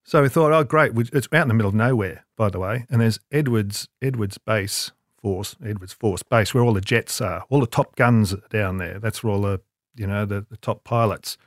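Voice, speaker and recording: A man's voice: fairly low pitch, moderate pace, no echo, clean studio sound. An older man, an advertising creative, telling a rambling, self-deprecating anecdote in an interview with many restarts. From Australia.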